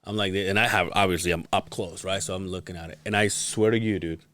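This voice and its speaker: A man with a fairly low voice tells a rambling, profane story on a podcast and acts out each person's lines. The sound is dry and close, with no room in it. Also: fast, no room sound. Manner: profane, animated storytelling with acted-out quotes. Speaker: podcast co-host. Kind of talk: casual storytelling chat.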